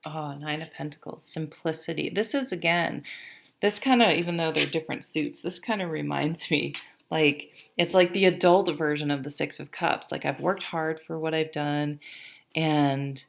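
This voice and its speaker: This tarot reader has a deep, creaky voice, a steady tone and a normal speed. Reading cards to camera, she's casual and chatty, rambling and often breaking off mid-sentence.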